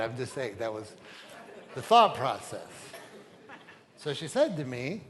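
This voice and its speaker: Lively-voiced pastor preaching in a hall. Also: male voice, medium pitch, measured pace, long pauses. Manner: conversational storytelling with humor. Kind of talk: sermon. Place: church sanctuary. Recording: reverberant church hall with faint ambience.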